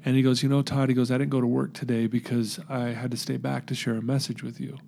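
Male guest, earnest storyteller, dark gravelly tone, voices each person in his tale. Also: medium pitch, level tone, fast talker. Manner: recounts events by acting out quoted dialogue; earnest, emotional. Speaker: podcast guest.

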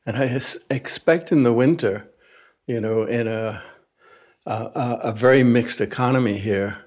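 A man's voice: mid-range voice, unhurried. A man thinking aloud in a casual group discussion, with some stumbles.

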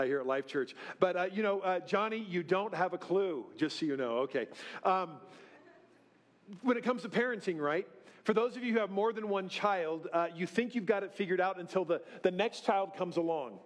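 A middle-aged man preaching in a church, telling self-deprecating stories in a folksy way and often checking in with "right?". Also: a little high. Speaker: pastor. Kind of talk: sermon. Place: church sanctuary.

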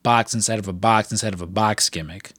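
A man's voice: fairly low pitch, fairly even intonation, brisk, fairly bright tone, dry recording. Guy rambling thru a story, lots of likes and swearing, dry mic. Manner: rambling storyteller, swears freely, many fillers. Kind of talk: casual chat.

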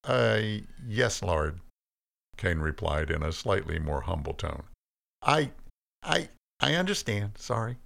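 A man's voice: very deep voice, fairly even intonation, normal speed, creaky, few pauses, full character voice. A man voicing a sarcastic, resentful young man whose anger keeps rising until he is nearly screaming, mocking in tone. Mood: humbled.

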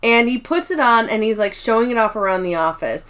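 A young adult woman co-hosting a podcast, casually recapping a TV episode and acting out the characters' lines in quick voices. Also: a little high, animated, a bit bright, clear, resonant tone. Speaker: podcast co-host.

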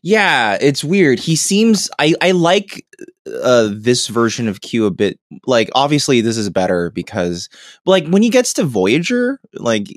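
A man's voice: mid-range voice, big pitch swings, unhurried, dry recording, studio quality. A man hosting a podcast in casual chat, rambling and laughing often. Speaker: podcast host.

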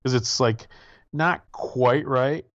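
A man chats on a podcast, rambling loosely and joking with his co-host. His voice sits at an ordinary pitch and comes through dry and close. The sound is a bit dull and lo-fi. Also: takes it slowly, a bit bright, no echo. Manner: rambling, jokey, swears casually. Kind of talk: casual chat.

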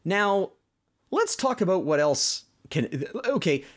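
A man from Canada chatting on a podcast, joking and rambling with lots of "you know." His pitch jumps around as he talks. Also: sing-song, slow. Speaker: podcast co-host. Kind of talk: casual chat.

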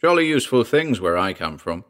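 A male narrator voicing a big, rugged outdoorsman on home leave who talks in a gruff, growling way. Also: lowish voice, sing-song, fairly quick, fairly bright tone.

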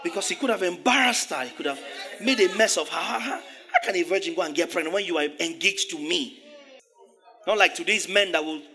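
A man preaching a sermon, animated, laughing often and acting out the voices of biblical figures. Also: sits high, fairly quick. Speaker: pastor.

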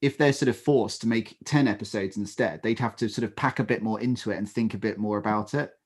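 A man co-hosting a podcast, talking things through in a measured, reasoning way with dry humor. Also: lowish voice, husky. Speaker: podcast co-host. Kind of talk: casual chat.

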